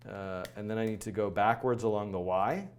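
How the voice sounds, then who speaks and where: A man hosting a live coding stream, thinking aloud in a rushed, flustered way, full of fillers and self-corrections. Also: fairly low pitch. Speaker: coding livestream host.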